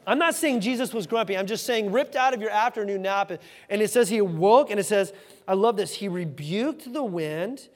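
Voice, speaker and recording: A man preaching a sermon in a lively, conversational way, acting out the voices in the story with sudden shouts. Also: sits high. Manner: animated, conversational, acts out quoted voices with shouts. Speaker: pastor. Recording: hall reverb.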